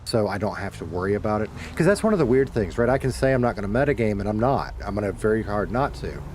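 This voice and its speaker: A man's voice: on the low side, expressive, quick pace, a little mellow, a little hiss or hum. A middle-aged man with a Southern US accent, chatting casually to his viewers while he plays, rambling, correcting himself, and cursing now and then. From Deep South of the United States. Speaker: streamer.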